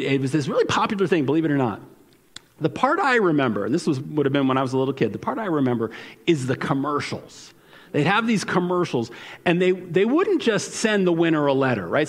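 A man preaching a sermon as pastor in a casual, conversational way, often repeating words and asking "right?". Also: mid-range voice. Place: church sanctuary. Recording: long hall reverb.

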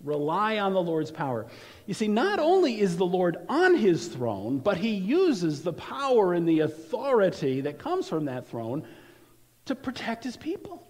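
High-voiced and unhurried, with wildly swooping pitch, a man preaches as pastor in a church sanctuary. He talks conversationally, often restarting phrases on a repeated word. Long reverb from the large hall trails his speech.

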